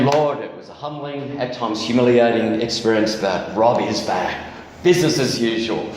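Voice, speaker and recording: In a church hall full of echo and slight background noise, a guest preacher with a lowish voice shares his candid testimony. The personal story he tells is full of self-deprecating humor.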